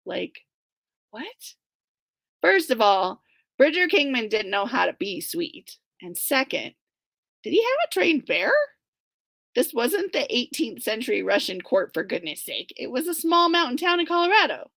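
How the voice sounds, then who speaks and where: Author, woman, animated reader with whispered asides, wide-ranging gravelly voice. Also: on the high side, unhurried, no room sound. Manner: expressive, lively, with whispered asides. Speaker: guest author. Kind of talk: animated reading of her own novel.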